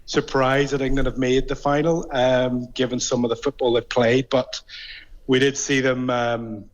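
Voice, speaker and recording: Belfast man, radio sports guest, hesitant with ums, mid pitch, muffled lo-fi line. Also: little pitch movement, moderate pace. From Northern Ireland. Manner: hesitant, many ums and restarts. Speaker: guest rugby journalist. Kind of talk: casual radio interview chat.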